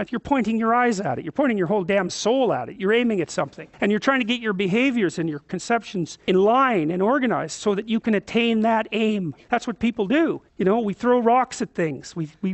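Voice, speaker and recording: A man, his voice sitting noticeably high for a man, tells a story as a lecture. He is animated and emphatic, with frequent conversational asides. The sound is close and dry, with no room echo. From Canada. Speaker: psychology lecturer.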